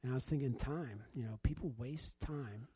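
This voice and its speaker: A man's voice: medium pitch, normal speed, breathy edge, no echo. A man sharing a personal testimony in the manner of a preacher, telling the story with animation and acting out the dialogue. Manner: animated, acts out quoted dialogue.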